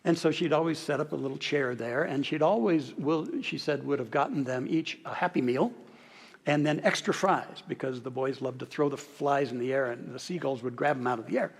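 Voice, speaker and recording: Male pastor, husky tone, reflective sermon delivery with hushed emphases, recorded in a reverberant sanctuary. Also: mid-range voice, fairly quick. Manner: reflective, drops to soft near-whispers on key words. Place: large church sanctuary. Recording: long reverb of a large hall.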